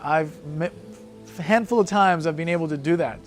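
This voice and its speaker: A man's voice: on the high side, fairly quick, soft background music. A man coaching a breath-hold session, encouraging the group and calling out hold times.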